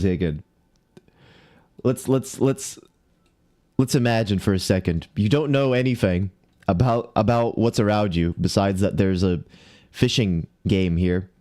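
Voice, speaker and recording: A man's voice: fairly low pitch, dark tone. A man livestreaming a game, talking to himself and greeting viewers, mildly exasperated as he searches around. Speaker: streamer. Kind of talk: casual live game commentary.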